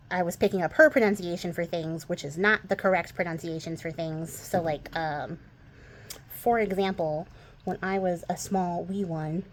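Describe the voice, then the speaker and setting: There's slight background noise as a young western US woman with a low-side voice rambles on about her crafts. A crafting channel host, she speaks in a West Coast accent tinged with a light Texas twang, laughing often and leaning heavily on fillers.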